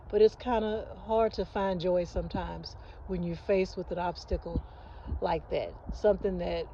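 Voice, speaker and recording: Her voice is mid-range, warm and creaky: a woman in her fifties who hosts a channel, talking earnestly through a rambling, heartfelt vlog full of restarts. She records at home in the early morning on a phone without showing her face, and the sound is dull with a faint hiss or hum.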